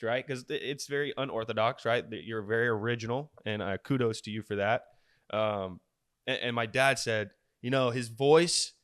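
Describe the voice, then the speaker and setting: A man's voice: mid-range voice, a bit bright, no room sound, clean studio sound. A man hosting a casual podcast interview, who talks in a loose, rambling way full of fillers. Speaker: podcast host.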